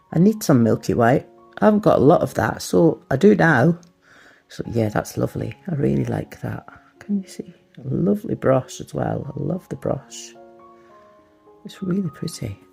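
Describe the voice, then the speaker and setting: A woman's voice: low voice, vocal fry, warm tone, husky. A middle-aged woman chatting through a casual nail product review, rambling and self-deprecating. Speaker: nail art vlogger.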